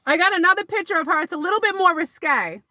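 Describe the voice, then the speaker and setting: A woman vlogging to camera, telling rambling casual stories about her mother with sudden high exclamations. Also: expressive, fast, bright, forceful tone, no room sound, clean studio sound.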